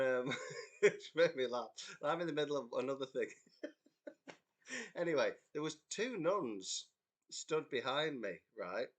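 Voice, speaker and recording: A young English man from a band, chatting casually on a livestream, telling a rambling story with frequent laughter and reading out viewer comments. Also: on the low side. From England. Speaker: band member hosting a livestream chat. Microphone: computer mic on a livestream.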